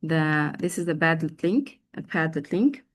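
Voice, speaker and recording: Woman, teacher trainer, slow unhurried delivery, drills words by repeating them, video call. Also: deep voice, animated. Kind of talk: online teacher training session.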